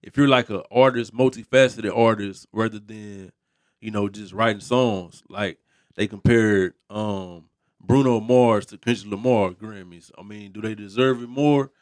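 A man's voice: on the low side, steady tone, measured pace, dry recording, studio quality. A man in a casual podcast chat, reasoning aloud in a thoughtful, hesitant way.

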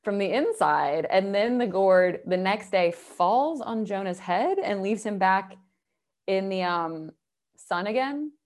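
A woman co-host tells a story in casual chat, in a breezy, lively way with plenty of filler words. Her voice sits in an ordinary middle pitch, neither high nor low. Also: takes it slowly. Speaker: podcast co-host. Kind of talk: casual chat retelling stories.

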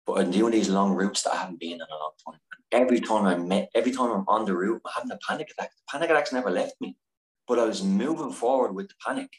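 A man with a deep, low voice tells a candid personal story as a podcast guest. He is earnest and emotional, swears freely and trips over his own sentences. The sound is roomy and echoey. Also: animated, fast talker. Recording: echoey room.

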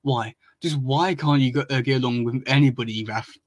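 A man with a mid-range, everyday-sounding voice reads at a moderate pace as a weary young turtle leader, sounding exasperated. The recording is dry and studio quality.

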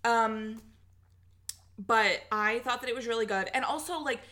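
A woman's voice: a little high, measured pace, bright, forceful tone. A young woman co-hosting a casual podcast chat, giggly and gushing, swearing often, on a cheap echoey microphone. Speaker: podcast co-host.

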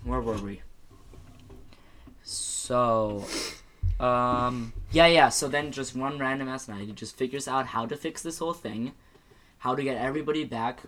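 A man's voice: medium pitch, a bit bright. Sarcastic young man rambling through a recap. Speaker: podcast co-host. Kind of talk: casual chat recapping a movie.

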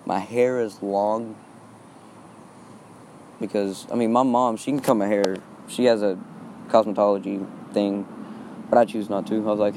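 A teenage boy from Texas talks through a solo podcast in a low, mellow voice. He rambles and hesitates and leans on fillers again and again. He is outdoors, with faint wind and traffic heard behind him. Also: steady tone, normal speed, pauses often. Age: teens. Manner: hesitant, repeats fillers often. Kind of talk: rambling casual monologue.

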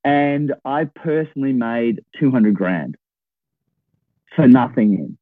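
A man's voice: mid-range voice, takes it slowly, no room sound. Man in his 60s, tinny line. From Australia. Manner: animated, checks in with "right?". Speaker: podcast guest, property investor. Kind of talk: storytelling in a conversation. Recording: tinny phone-like line, dry.

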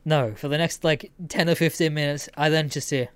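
A woman's voice: deep voice, steady tone, a little fast, smooth, dry recording. A woman hosting a casual storytelling podcast, swearing freely and laughing as she talks. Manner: swears freely, laughs while telling stories. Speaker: podcast host.

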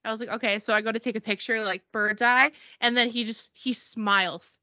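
A woman chats casually on a podcast, and her bright, fairly high voice is lively as she plays out each person in her stories. The mic sound is dry and a little dull, with no room around it. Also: fairly quick, no echo. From Connecticut. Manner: animated storytelling, acts out quoted people. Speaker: podcast co-host. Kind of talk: casual chat.

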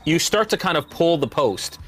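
A man's voice: a little high, big pitch swings, normal speed, a crowd in the background. A man running a tabletop game as game master, describing scenes in an easygoing, vivid way.

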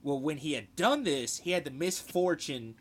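A man telling a profane, animated story in casual chat. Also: fairly high pitch, normal speed.

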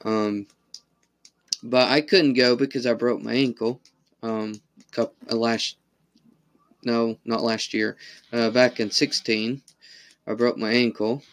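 A man hosting a casual chat, relaxed and meandering. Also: mid-range voice, takes it slowly, pauses often, dry recording.

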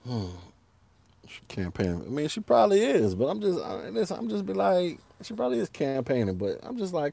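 A man's voice: on the high side, very animated, moderate pace, creaky, warm tone, no echo. A man hosting a podcast alone, ranting casually in heavy slang, laughing often and repeating himself. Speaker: podcast host. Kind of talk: casual solo podcast rant.

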